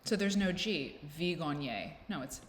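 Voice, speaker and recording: Woman, low voice, casual rambling vlog chat, playful, echoey room, faint background hiss. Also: normal speed. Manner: rambling, self-deprecating, playful. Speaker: vlog host. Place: indoors at home with a fan blowing.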